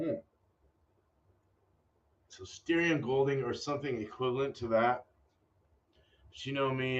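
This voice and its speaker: A casual homebrewer man talks through his choices, distracted and swearing now and then as he thinks aloud. He sits a bit back from a dull, lo-fi microphone. His voice is middle-pitched. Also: a little hiss or hum. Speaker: homebrewer and channel host. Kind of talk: casual rambling vlog talk. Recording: dull lo-fi audio from a distance.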